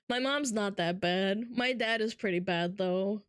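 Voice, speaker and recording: A woman's voice: medium pitch, slow pace, smooth, dry recording, clean studio sound. A woman streamer chatting casually with her viewers, joking and swearing and laughing often. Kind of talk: casual live-stream chat.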